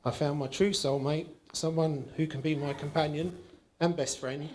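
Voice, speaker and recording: A man's voice: fairly high pitch, steady tone, moderate pace, darkish tone, a little hiss or hum. A man giving his groom's speech at a wedding, reading a prepared text with self-mocking humour and affection. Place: wedding reception, indoors.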